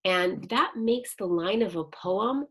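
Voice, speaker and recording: A woman teaching young children in a recorded online lesson, speaking slowly, patiently and encouragingly as she reads sentences aloud with care. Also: mid-range voice, animated, a bit bright, husky. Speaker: second grade teacher.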